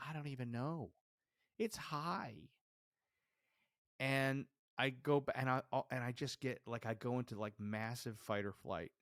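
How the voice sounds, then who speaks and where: A man hosting a podcast, telling a personal story in a lively way and acting out the dialogue he remembers. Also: fairly low pitch, dry recording, clean studio sound. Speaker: podcast host.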